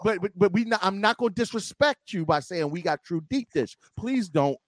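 A man from Philadelphia hosting a podcast, bantering in a playful, teasing way and breaking into loud, excited outbursts. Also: high voice, normal speed, no room sound, studio quality. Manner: animated, rising to loud exclamations. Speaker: podcast host. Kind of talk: casual podcast chat.

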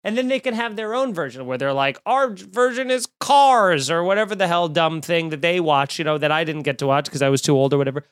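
A man's voice: fairly high pitch, fast talker, hardly any pauses, fairly bright tone, clear, resonant tone, no room sound, studio quality. A young man hosting a podcast, delivering a profane, exasperated comedic rant full of fillers and asides. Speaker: podcast host.

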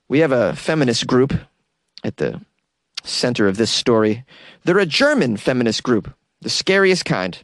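Man, comedy news host; lively, sarcastic riffing, dry close sound. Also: mid-range voice, moderate pace, no room sound. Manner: sarcastic, riffing, laughs at own jokes.

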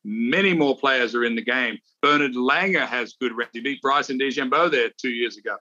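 A man's voice: mid-range voice, fairly quick, bright, forceful tone, muffled recording. A middle-aged man, a podcast co-host, chatting casually and rambling through stories with restarts. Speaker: podcast co-host, former golf champion. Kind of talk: casual chat.

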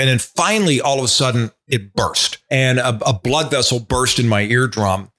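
Bright-voiced older man telling stories. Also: mid-range voice, moderate pace, hardly any pauses. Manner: folksy, rambling with restarts and asides. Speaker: retired TV meteorologist, guest. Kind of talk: casual storytelling.

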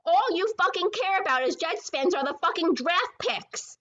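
High, animated ranting woman sports host. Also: normal speed, lo-fi sound. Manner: combative, profane, sarcastic. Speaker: podcast host.

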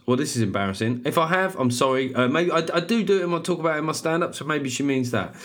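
A man's voice: fairly high pitch, animated, quick pace, few pauses, a bit bright. A man hosting a comedy podcast alone, rambling, swearing and mocking himself. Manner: rambling, sweary, self-deprecating. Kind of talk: solo comedic podcast monologue.

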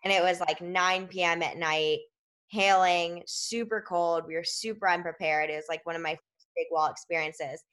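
A woman's voice: on the low side, fairly even intonation, moderate pace, a bit bright. A woman guest in an interview, telling a story casually, filling her speech with "like" and "um" and explaining things step by step.

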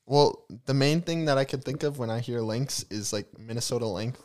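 A man's voice: medium pitch, a little fast, darkish tone. Brief: young male co-host, loose and chatty, filler-heavy speech. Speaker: podcast co-host. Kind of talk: casual podcast chat.

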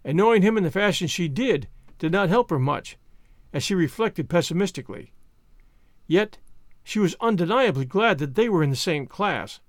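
An audiobook narrator with a high male voice delivers scripted narration at a moderate pace with lively intonation. The studio-quality recording carries no room sound.

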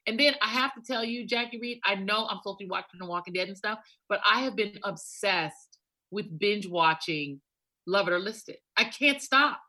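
A woman's voice: mid-range voice, moderate pace, sharp tone. A woman in casual chat, emphatic and insistent, who laughs often.

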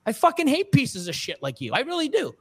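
A man's voice: extremely high pitch, wildly swooping pitch, brisk, fairly bright tone, breathy edge. Angry, profane middle-aged man ranting. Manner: angry, profane, heated ranting with frequent restarts. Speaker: podcast guest, reptile breeder. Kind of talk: casual podcast rant.

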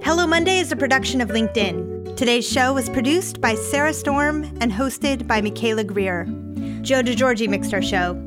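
A fairly high-voiced woman reads closing credits in a brisk, even way. Loud guitar music plays under her voice. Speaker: show's editorial host. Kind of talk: scripted credits read.

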